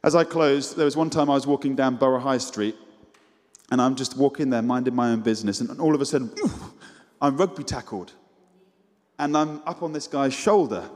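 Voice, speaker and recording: A man preaching a sermon, telling stories earnestly and dropping to a low hush at the end. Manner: storytelling, earnest, drops to a low hush at the close. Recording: echoey hall reverb.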